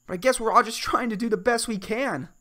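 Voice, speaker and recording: A fast-talking young man with a high-pitched, pushed, bright voice hosts a solo comedy podcast from Puerto Rico. Expect lots of swearing as he swings between worked-up rants and mumbled asides.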